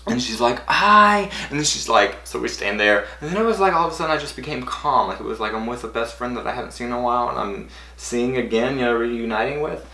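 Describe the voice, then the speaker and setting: A man's voice: mid-range voice, fast, vocal fry, few pauses, sharp tone. A man eagerly retelling a personal story to camera, rambling and full of "like". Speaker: vlogger. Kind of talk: casual storytelling. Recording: roomy echo.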